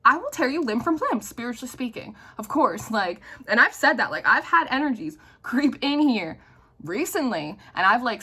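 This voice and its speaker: A young woman with a bright, fairly high voice, talking loosely to her audience about spiritual matters. She is lively and blunt, swears freely and fills her speech with "like". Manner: animated, swearing, many "like" fillers. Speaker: tarot reader. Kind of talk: casual spiritual talk to camera.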